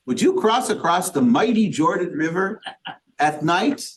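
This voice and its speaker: A rabbi guides a small group through interactive Torah study at the synagogue, questioning them and using Hebrew and Yiddish vocabulary. He speaks in a high, sing-song voice at a slightly slow pace, with a bit of background noise audible.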